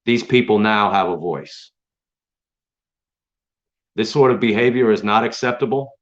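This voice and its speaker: A man speaking in a lowish voice at a measured pace hosts his own stream and directs an angry, confrontational rant full of profanity at his critics. The sound is dull and lo-fi.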